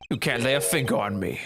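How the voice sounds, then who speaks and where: A man voicing a scheming older male ambassador villain in a game, gloating and pompous with soft chuckles. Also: medium pitch, creaky, a little hiss or hum. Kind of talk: fan voice acting of a game.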